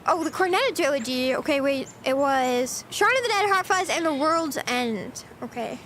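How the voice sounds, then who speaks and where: Giggly, very high-voiced young woman streamer. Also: animated, normal speed, fairly bright tone, a little hiss or hum. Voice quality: giggly, rambling. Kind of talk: casual chat with stream viewers.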